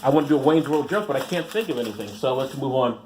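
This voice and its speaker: A man's voice: mid-range voice, animated, fast talker, noisy background. A man hosting a podcast who reads news stories aloud, then breaks off into sarcastic, rambling commentary and trips over his words. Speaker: podcast host.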